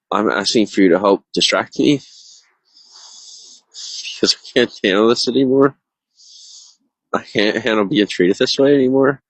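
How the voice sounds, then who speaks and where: A man's voice: lowish voice, breathy edge, dry recording, rough recording. A man live-streaming to viewers alone, distressed and near tears, rambling with many filler words. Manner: rambling, heavy on filler words, self-interrupting. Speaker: livestreamer.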